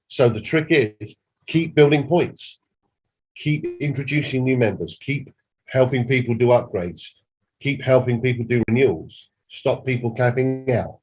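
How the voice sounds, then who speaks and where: A man's voice: medium pitch, darkish tone, slightly rough. A man, a company director, giving an emphatic, repetitive training presentation and demonstrating on screen.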